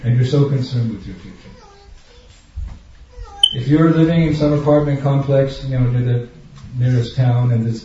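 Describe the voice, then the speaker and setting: A man with a mid-range, slightly mellow voice gives a sermon as a spiritual teacher, with slight background noise. Before an audience in a large room, he emphatically poses questions and acts out everyday moments in different voices. The sound is dull and echoey, recorded at a distance in a hall.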